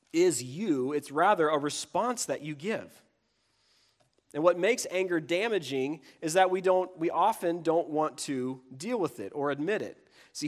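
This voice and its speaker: A man delivers a sermon with a slightly raised pitch. He talks conversationally, like he's chatting with the congregation. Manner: conversational, acts out quoted voices of kids and adults.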